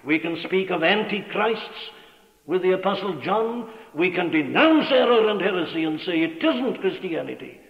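A man's voice: high-pitched, animated, moderate pace, vocal fry. Man preaching in a tinny, echoey hall. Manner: emphatic, declamatory preaching with scripture quoted. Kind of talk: sermon. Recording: tinny, echoey old church hall recording.

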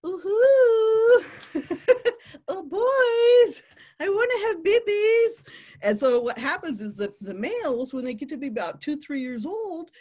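A woman telling a playful nature story to families, animated and laughing often. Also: fairly high pitch, breathy edge.

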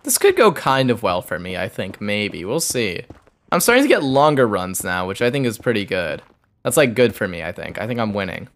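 A man's voice: lowish voice, big pitch swings, fairly quick, a bit bright. A young man streaming a game, muttering a loose running commentary to himself as he plays. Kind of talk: live gameplay commentary.

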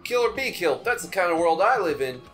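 A man's voice: high voice, big pitch swings, fast, fairly bright tone, soft background music, voice pushed up. A man voicing a foul-mouthed, hot-tempered young male yakuza heir in a game playthrough, snarling threats. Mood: contemptuous. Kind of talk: let's play voice acting.

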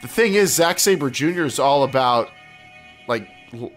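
A man's voice: mid-range voice, expressive, a little slow, fairly bright tone, faint music behind. A man hosting a wrestling podcast, chatting casually in a rambling way, with restarts and laughing asides. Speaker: podcast host. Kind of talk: casual chat.

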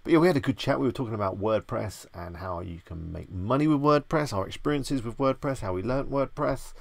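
Gravelly-voiced man hosting a stream. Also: mid-range voice, lively intonation, fairly quick, dry recording. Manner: chatty, greets viewers by name, self-deprecating. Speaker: live stream host. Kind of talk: casual live stream chat.

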